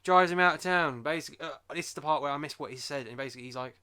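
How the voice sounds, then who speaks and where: A man's voice: a little high, rapid-fire, sharp tone, smooth. A man with a sore throat, rambling and joking as a podcast co-host in casual chat. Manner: jokey, rambling, breaks into silly voices.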